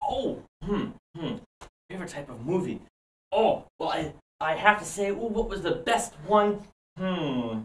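A woman's voice: fairly low pitch, big pitch swings, unhurried, slight background noise. Woman as dopey cartoon dog, sing-song, forgetful, giggles a lot; distant, echoey stage sound. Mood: rambling. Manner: rambling, giggly, hesitant. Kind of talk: improv comedy. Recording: roomy stage audio from afar.

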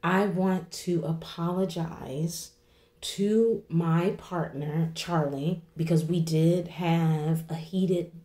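A woman's voice: lowish voice, fairly even intonation, slow, mellow, reverberant. A woman in her forties, tearful after crying, talking in a rambling way to her viewers and often asking "okay?" and "you know?". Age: 40s. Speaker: vlogger. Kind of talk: emotional vlog talk to viewers.

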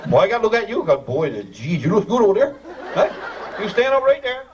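A man's voice: high voice, sing-song, fast talker, noisy background. A man with a Newfoundland accent emceeing a live community ceremony, joking and teasing in broad dialect. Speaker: master of ceremonies. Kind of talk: live comic emcee patter. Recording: distant mic over a crowd.

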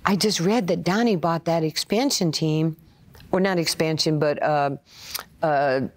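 A woman, an interview guest telling animated stories and acting out the voices of other people. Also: deep voice, a little slow. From Brooklyn, USA. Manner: animated, acts out quoted voices. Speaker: interview guest, former player and coach. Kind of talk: storytelling interview.

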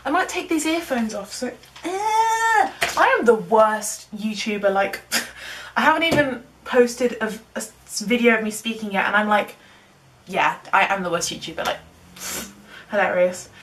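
A woman's voice: a little high, sing-song, a little slow, background noise. Chatty young woman vlogging. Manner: giggly, chatty, self-mocking. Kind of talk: casual rambling vlog to camera.

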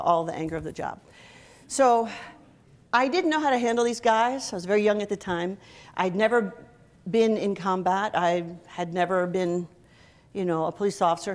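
A middle-aged woman giving a humorous workshop talk to soldiers, joking and drawing the audience in. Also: medium pitch. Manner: lively, joking, audience-engaging. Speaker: motivational speaker. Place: event hall before a live audience.

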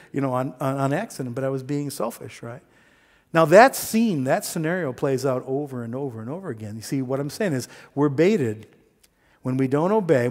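A man preaching a sermon, telling a story with lively quoted voices and plain talk. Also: mid-range voice. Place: church sanctuary. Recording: long hall reverb.

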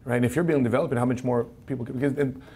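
A quick-talking man from the Philippines hosts the interview. He tells his own stories with eager energy and keeps chiming in with yeses. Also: medium pitch, fairly even intonation, darkish tone, husky. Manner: eager, storytelling, quick affirming "yeah"s. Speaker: podcast host. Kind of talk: casual interview chat.

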